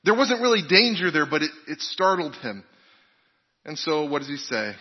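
A very animated male pastor, his voice on the high side with a breathy edge, talks at normal speed through a conversational sermon of questions and personal stories. Dull audio with long hall reverb.

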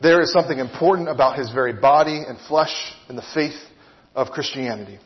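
A man's voice: medium pitch, a little fast, big-room sound, dull audio. A man preaching a sermon, earnest and teaching, often posing rhetorical questions to his listeners.

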